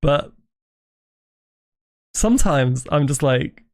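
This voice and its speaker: Slow and expressive, this British livestream host has a fairly high, somewhat dark voice captured in a dry recording. Speaking into a desk mic, he rambles, keeps cutting himself off to start over, and laughs and curses readily.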